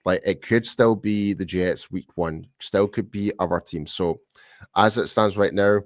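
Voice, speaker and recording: A man's voice: deep voice, a little slow, no echo, studio quality. A man from the UK co-hosting a casual sports podcast, rambling with lots of restarts and fillers. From United Kingdom. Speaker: podcast co-host.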